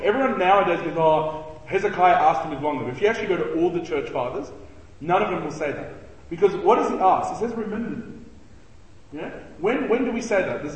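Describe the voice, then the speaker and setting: High-voiced man teaching in an echoey hall. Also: far from the mic. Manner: animated, acts out quotes, jokes with the group. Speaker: church youth teacher. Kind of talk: casual Bible study teaching. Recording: echoey hall with long reverb.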